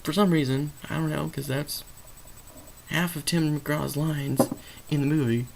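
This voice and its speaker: A slow-talking vlogger with a gravelly, creaky voice, rambling through an unscripted film review. The delivery is sarcastic and emphatic, with repeated punchy lines and frequent self-corrections, over a faint hiss. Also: medium pitch, steady tone, poor audio. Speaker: movie reviewer.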